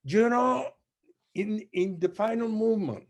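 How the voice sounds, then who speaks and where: A man putting on an excitable foreign conductor. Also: sits high, a little slow, voice pushed up. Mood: fired up. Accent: foreign, Spanish-tinged. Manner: urgent, bursts into sung rhythm syllables.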